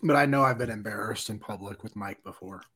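A man who is a guest on a podcast, chatting casually and telling a relaxed story. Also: lowish voice, fast talker. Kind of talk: casual chat.

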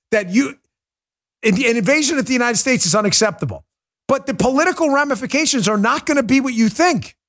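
A man hosts a political commentary show in a heated, mocking rant. His voice sits high for a man and leaps around a lot in pitch. He scoffs and laughs along as he argues. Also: fairly bright tone. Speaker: podcast host.

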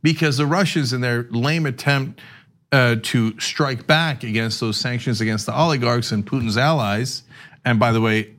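Man, podcast host, casual political talk, sarcastic, acts out quotes, mid-pitched voice. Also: normal speed, fairly bright tone.

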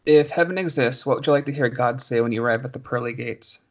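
A man's voice: mid-range voice, quick pace. A man hosting an interview series, asking plain, earnest questions. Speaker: interviewer, host.

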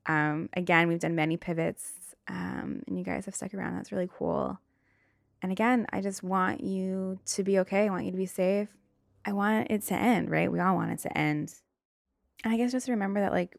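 Low gravelly New woman podcaster. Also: no echo, clean studio sound. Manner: blunt and profane, flares into shouty rants. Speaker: podcast host. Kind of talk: casual solo podcast chat. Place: bedroom.

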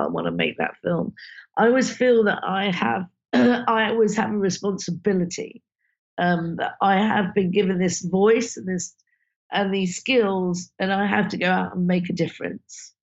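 A woman film director, talking casually and emotionally in an interview, full of "you know" fillers. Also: mid-range voice. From Britain. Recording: dull lo-fi sound.

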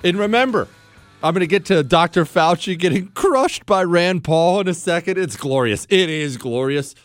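A man's voice: high-pitched, lively intonation, no echo, clean studio sound, faint music behind. A man in his forties hosting a talk radio show, brash and sarcastic, swinging his voice up and down as he mocks callers and riffs. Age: 40s. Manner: sarcastic, brash, fast-shifting, mock-acts callers.

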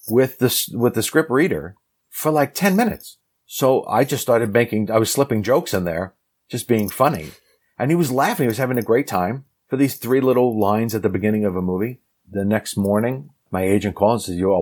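Husky male actor telling a story. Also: lowish voice. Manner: animated storyteller acting out quoted lines. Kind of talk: casual anecdote.

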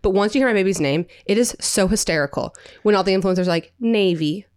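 A woman's voice: mid-range voice, fast, a little mellow, clean tone. Chatty woman podcast co-host. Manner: chatty, teasing, laughs easily. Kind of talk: casual chat.

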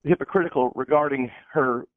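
A man's voice: medium pitch, a little fast, dry recording. A man calling in to a radio show, sounding indignant. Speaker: caller. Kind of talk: phone-in call. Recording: phone line.

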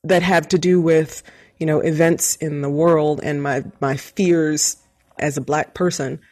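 A middle-aged woman with a low, husky voice chats casually as a co-host. She tells stories in an animated way and laughs often. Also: a little slow. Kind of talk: casual chat, storytelling.

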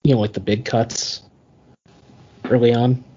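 A man's voice: mid-range voice, flat delivery, unhurried, dull audio, noisy background. A man co-hosting a casual sports podcast, laid-back and hedging his points with fillers. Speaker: podcast co-host.

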